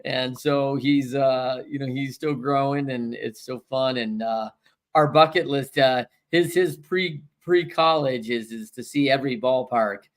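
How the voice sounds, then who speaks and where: A middle-aged man hosting a podcast, talking in a relaxed, easygoing way about family. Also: medium pitch, unhurried. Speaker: host. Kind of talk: casual podcast chat.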